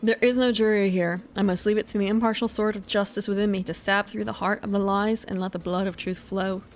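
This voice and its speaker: A woman's voice: medium pitch, fairly even intonation, lightly acted. A woman putting on a pompous judge with a French lilt. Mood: imperious. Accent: put-on French accent, slipping. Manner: grand, slow, pompous pronouncements. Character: imperious female judge of a cosmic court.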